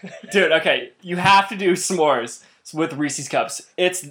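A man's voice: a little high, a little slow, background noise. A young man in his twenties co-hosting a casual podcast, talking with eager, chatty enthusiasm. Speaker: podcast co-host. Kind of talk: casual chat.

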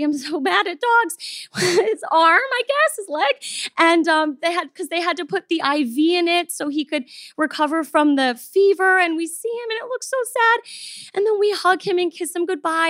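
A woman with a notably high voice tells a personal story to an audience. She is expressive and acts out the people she quotes. Her voice is recorded dry, with no room sound around it. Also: no echo.

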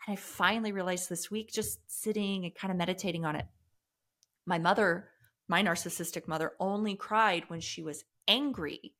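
A woman guest on a podcast, talking candidly in a slightly low voice. She is earnest and reflective, and she often backs up and restarts her thoughts as she speaks. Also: steady tone, normal speed, a bit bright. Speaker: podcast guest, trauma coach. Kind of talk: candid conversational interview.

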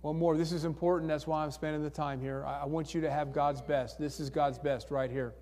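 A male pastor with a fairly high, steady, slightly mellow voice leads a brisk altar call in a church sanctuary. He keeps coaxing people to step forward through repeated questions and requests for hands, and the hall adds reverb.

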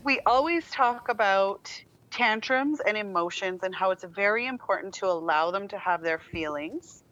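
Woman co-host, calm and explanatory, slightly lo-fi recording. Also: medium pitch, normal speed. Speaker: parenting podcast co-host. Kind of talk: casual chat.

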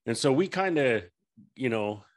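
A man's voice: mid-range voice, animated, a little slow, no room sound, clean studio sound. A man in casual chat, telling blunt, profane stories about working security. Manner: blunt storytelling, heavy swearing.

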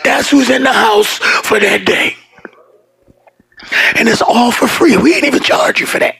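A male pastor with a very high voice full of gravelly fry. He preaches emphatically, swinging between hushed tones and shouts, and slows down to stretch out key words. He throws in casual joking asides to the congregation. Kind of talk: sermon.

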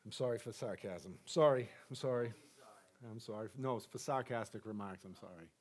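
A man preaching a charismatic sermon to a congregation in a church, passionate, swinging between loud exhortation and soft asides. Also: fairly low pitch, a little fast. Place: church sanctuary.

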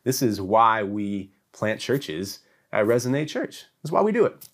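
A man teaching a sermon to his church, preaching emphatically with repetition and swings between loud peaks and hushed lows. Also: big pitch swings, unhurried.

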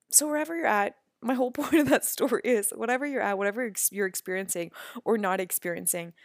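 A woman with a mid-pitched voice hosts her own spiritual podcast in a loose, chatty way. She laughs easily, swears casually and moves quickly between ideas. The recording is dry and close, with no room sound. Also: no echo. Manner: laughing, swearing, animated storytelling. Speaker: podcast host and coach.

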